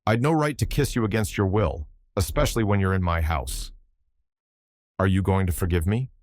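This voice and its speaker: A man voicing an older baronet who is overbearing and lecherous, with a husky, pushy way of talking. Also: low voice, normal speed, a little mellow, no echo, clean studio sound, lightly acted. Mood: domineering.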